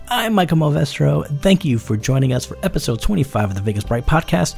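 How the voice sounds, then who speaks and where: A man's voice: fairly high pitch, big pitch swings, fast talker, gravelly, few pauses, a little mellow, faint music behind. A man hosting his own podcast, talking off the cuff in a rambling way and swearing freely. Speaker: podcast host. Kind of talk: casual solo podcast outro.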